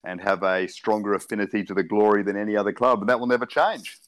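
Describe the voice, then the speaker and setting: A man, a sports broadcaster guesting on a casual podcast, speaking in a relaxed, articulate and measured way. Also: lowish voice. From born in South Africa, raised in Perth.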